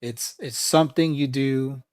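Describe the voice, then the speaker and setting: A man's voice: mid-range voice, steady tone, a little slow, a little mellow, no echo, studio quality. A man streaming live, chatting casually with his viewers in a rambling, profane way and laughing often. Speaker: livestreamer. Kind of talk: casual livestream chat.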